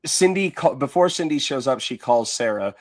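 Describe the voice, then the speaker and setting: A man's voice: mid-range voice, animated, moderate pace. A man co-hosting a podcast, recapping movie scenes in a rambling way with lots of fillers and restarts. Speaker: podcast co-host. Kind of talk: casual movie recap chat.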